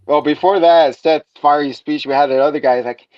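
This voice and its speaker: A man's voice: a little high, fairly even intonation, a little fast, few pauses, dry recording, dull audio. A man co-hosting a casual comedic TV recap chat who laughs a lot and retells scenes in put-on voices. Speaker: podcast co-host.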